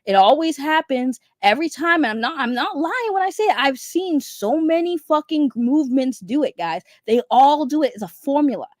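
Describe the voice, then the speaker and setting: A young woman rants on stream in a blunt, cussing way, hammering each point again and again. Her voice sits a touch high, and the sound is close and dry with no room around it. It is casual commentary, not scripted. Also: lively intonation, normal speed, hardly any pauses, dry recording. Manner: blunt, profane, emphatic repetition. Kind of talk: ranting commentary.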